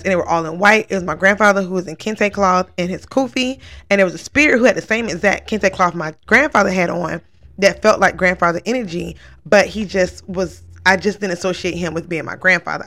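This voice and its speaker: A vlogger recounts a dream in a long, rambling, earnest personal story, packed with "like" fillers. Her voice is fairly low in pitch and a bit bright.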